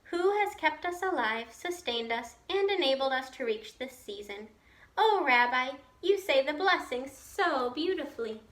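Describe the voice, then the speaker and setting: A woman's voice: high voice, animated, unhurried, a bit bright, reverberant. A woman voicing a kindly, chatty old grandmother with failing eyes, fussing over her guest in a storybook read-aloud. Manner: cheerful, chatty, fussing hostess.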